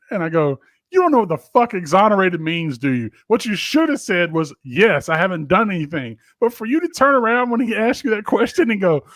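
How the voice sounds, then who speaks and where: A man co-hosting a podcast, chatting in loose, profane banter and acting out the people in his stories. His voice sits a little high for a man. The sound is dry and close, with no room around it. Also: lively intonation, a little fast, dry recording. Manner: loose storytelling full of profanity and acted-out quotes. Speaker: podcast co-host.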